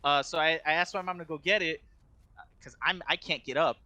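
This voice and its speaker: A man's voice: fairly high pitch, fairly quick, sharp tone, no echo, muffled recording. A young man co-hosting a podcast, telling a story in casual chat, rambling with constant filler words and restarts. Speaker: podcast co-host.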